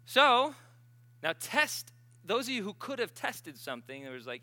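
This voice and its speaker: Animated preacher man with a sharp voice. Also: on the high side, normal speed, slight background noise. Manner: animated storyteller, bursts of excitement. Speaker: preacher leading a healing service. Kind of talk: sermon.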